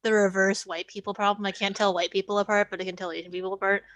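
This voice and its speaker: A woman's voice: mid-range voice, flat delivery, fast, fairly bright tone, dry recording. A woman player in casual chat, teasing and stammering as she talks.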